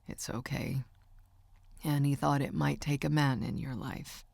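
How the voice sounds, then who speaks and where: Low-voiced, soft-spoken uncle for an audiobook, a woman reading him, gravelly and dry. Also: steady tone, a little slow, no echo, heavily acted. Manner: low, hushed and comforting. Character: gruff gentle uncle, older man, soft-spoken. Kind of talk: audiobook character voice.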